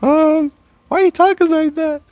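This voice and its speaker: A man voicing a confused young woman in a high squeaky falsetto. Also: steady tone, normal speed, darkish tone, no room sound. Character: flustered young woman being approached.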